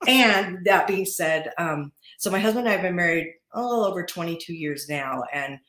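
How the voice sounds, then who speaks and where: A woman in her forties, a podcast guest talking casually, chatty and quick to laugh, often restarting and repeating words. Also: fairly low pitch, expressive, fairly bright tone, echoey room. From Utah. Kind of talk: casual interview talk. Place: podcast studio.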